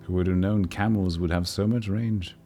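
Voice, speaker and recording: A man's voice: low-pitched, fairly even intonation, moderate pace, dark tone, faint music behind. A man streaming a game, joking and rambling with casual swearing. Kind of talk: casual gameplay commentary.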